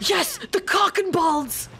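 A woman's voice: very high voice, very slow, gravelly, pushed and bright. A woman streamer chatting casually over a game, laughing often and swearing freely. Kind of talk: casual gaming chat.

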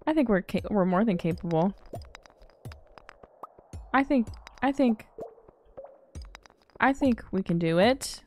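A young woman streaming a farming game, chatting casually with her viewers, bubbly and quick to laugh. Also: mid-range voice, animated, faint music behind. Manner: bubbly and giggly, quoting movie lines. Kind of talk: casual gaming stream chat.

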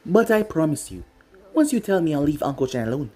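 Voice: medium pitch, very animated, a little fast, dark tone, slightly rough. A reader putting on a mocking villain snake ninja. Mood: menacing. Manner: mocking, taunting. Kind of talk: fan-fiction reading.

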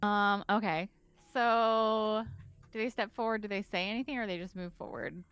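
A woman's voice: mid-range voice, fairly even intonation, a bit bright, clean tone, no room sound. A woman playing a tabletop role-playing game, describing her character's actions thoughtfully. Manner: unhurried, thoughtful description with fillers. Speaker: player.

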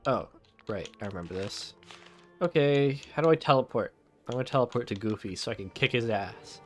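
A man's voice: mid-range voice, brisk, soft background music. A man giving casual, sarcastic game commentary on stream, swearing and laughing at himself.

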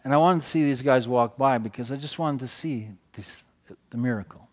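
A middle-aged man, preaching a sermon as he tells a story, swinging from loud exclamations to hushed passages. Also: mid-range voice, fairly quick.

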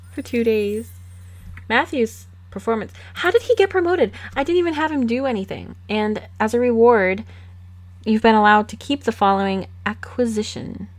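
A woman casually commenting on her life-simulation game at her computer, giggling and coaxing her characters, with mouse clicks and typing behind her. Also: fairly high pitch. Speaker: let's play host. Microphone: desktop USB mic.

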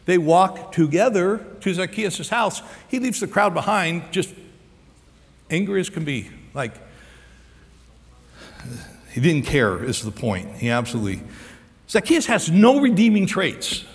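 An American man preaching a sermon as pastor, acting out the story's dialogue with lively energy. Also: sits high, measured pace, long pauses, big-room sound. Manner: animated preacher, acts out dialogue.

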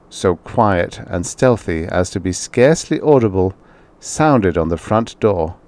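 A man narrating a vintage horror short story as an audiobook, in a slow and dramatic storytelling manner. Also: fairly low pitch, darkish tone, dry recording.

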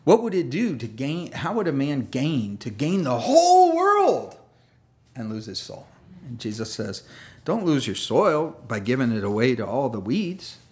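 A man's voice: medium pitch, wildly swooping pitch, measured pace, a little mellow. A man preaching a sermon as pastor, conversational and self-deprecating, with jokey asides and laughs. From United States. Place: church sanctuary.

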